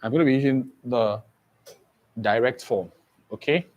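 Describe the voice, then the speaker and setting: A man's voice: mid-range voice, moderate pace, highs cut off. A man giving an exam-prep lesson who keeps asking the class questions and repeating key points. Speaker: teacher.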